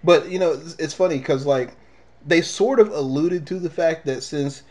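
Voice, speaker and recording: A man's voice: a little high, moderate pace, darkish tone. A man co-hosting a casual comic review show, rambling through his points. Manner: rambling, with many fillers and restarts. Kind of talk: casual movie review chat.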